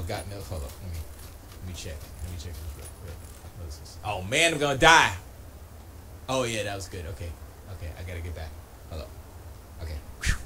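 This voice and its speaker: A man's voice: lowish voice, fairly bright tone, a little hiss or hum. A man chatting casually on a live stream while gaming, slangy and trash-talking. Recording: music playing behind. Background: music.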